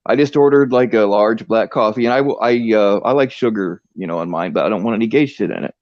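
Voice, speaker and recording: A man's voice: on the low side, fast, no room sound. Man, profane rambling storyteller, crude comic rant, dull lo-fi stream audio, dry.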